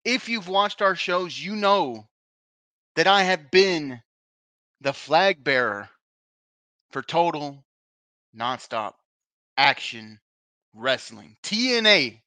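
A man's voice: on the high side, expressive, takes it slowly, pauses often, pushed and bright, dry recording. A man hosting a wrestling podcast, delivering a heated, profane and frustrated rant. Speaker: podcast host.

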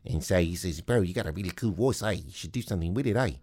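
A man's voice: sits low, quick pace, a little mellow, husky. A man imitating a laid-back young New Zealand man with a nasal New Zealand accent. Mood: easygoing.

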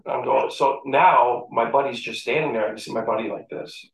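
A man telling stories from his playing days in a casual interview, animated, acting out quotes and laughing often. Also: medium pitch, moderate pace, vocal fry, crowd noise. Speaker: interview guest, former athlete. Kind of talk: casual storytelling. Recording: echoey room.

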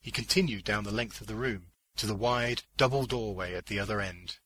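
A man narrating a short story in a measured, deliberate audiobook reading on a close mic. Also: lowish voice, a bit bright, slightly rough, poor audio. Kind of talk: scripted audiobook narration of fiction.

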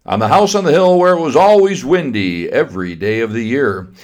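A man's voice: mid-range voice, expressive, a little fast, darkish tone. An older man narrating a story to children in a folksy way, repeating himself and asking his young listeners questions. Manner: folksy, repetitive, talks to children.

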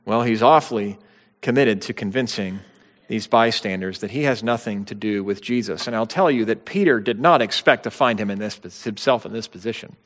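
A man preaching a sermon in an earnest, emphatic way, pressing his stresses higher as he drives points home. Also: moderate pace, a bit bright. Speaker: pastor. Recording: long hall reverb.

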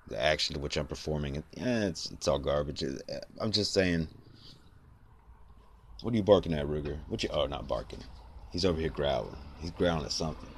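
Congested, very deep-voiced man. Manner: rambling, reflective, many fillers. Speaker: podcast host. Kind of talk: late-night solo monologue.

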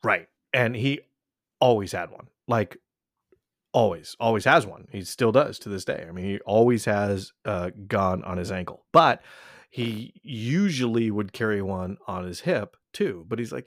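Low-voiced man telling a profane story. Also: expressive, measured pace, dry recording, studio quality. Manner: profane, rambling, full of restarts. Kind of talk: casual storytelling.

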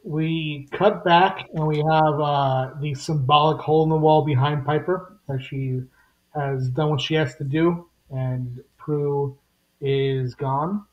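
Man retelling a comic, slightly high. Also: slow, lo-fi sound. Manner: animated retelling with voiced quotes. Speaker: podcast host. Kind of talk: casual chat recapping a comic.

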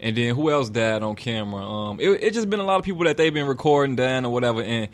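A man's voice: mid-range voice, expressive, quick pace. A man co-hosting a casual talk show, laid-back and slangy, often checking in with the listener. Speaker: co-host.

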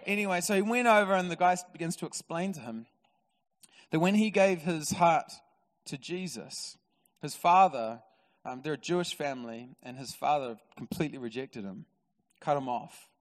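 A man with a New Zealand accent preaching a sermon in a church, an animated storyteller who swings from loud excitement to quiet, intimate moments. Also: a little high, moderate pace. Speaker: pastor. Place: large church hall. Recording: reverberant church hall.

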